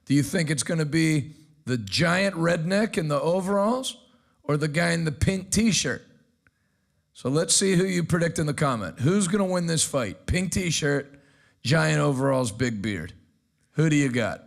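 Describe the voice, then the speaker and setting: Gravelly American man riffing on news. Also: a little high, expressive. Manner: wry, quick quips between clips. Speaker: pastor and show host. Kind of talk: casual news commentary.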